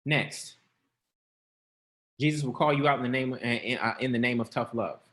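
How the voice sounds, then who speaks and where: A male preacher delivers a sermon to an online congregation in a loose, conversational way. He laughs often and keeps calling out to his listeners. His pitch sits in a middle range for a man. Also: steady tone, moderate pace, fairly bright tone. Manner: conversational, laughing, calls out to the audience.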